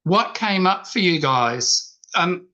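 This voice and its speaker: A man's voice: sits high, expressive, slow pace, bright, forceful tone, highs cut off. A man giving an earnest coaching talk to a men's group, repeating his key points. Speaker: speaker at a men's workshop. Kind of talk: talk with slides, then group discussion.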